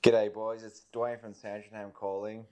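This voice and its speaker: Excited Australian fan caller. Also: male voice, lowish voice, normal speed. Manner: excited, sweary, rallying. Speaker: caller leaving a voice message. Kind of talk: recorded fan voice message.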